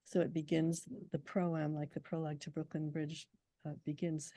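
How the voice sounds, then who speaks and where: A woman poet in an interview, talking reflectively about verse and reciting lines slowly and deliberately. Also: low-pitched, little pitch movement, dark tone, dry recording, low-quality recording. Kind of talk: conversational interview with poetry recitation.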